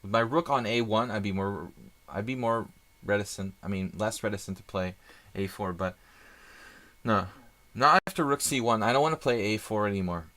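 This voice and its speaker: A man's voice: fairly low pitch, moderate pace, a bit bright. A man doing live chess stream commentary, chatty and thinking aloud with rambling asides.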